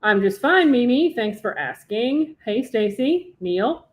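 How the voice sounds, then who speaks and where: A charming grown man who flirts easily and enjoys working a room, read by a woman. His lines come out smooth and flirtatious. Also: fairly high pitch, lively intonation, slow, pitched above the performer's own voice.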